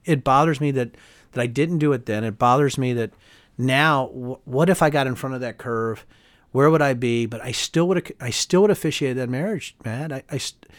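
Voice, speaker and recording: A man gives a fired-up, rapid interview as a guest, with his voice at a middling pitch. He keeps pressing his points and often tags them with quick questions. The sound is close and dry, with almost no room around it. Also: no echo. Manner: fast, emphatic and heated, many tag questions. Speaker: guest, former congressman. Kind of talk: candid political interview.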